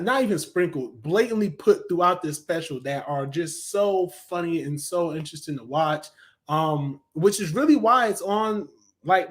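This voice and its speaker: A man giving a casual, rambling review of a cartoon, enthusiastic and full of ums and restarts. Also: on the high side.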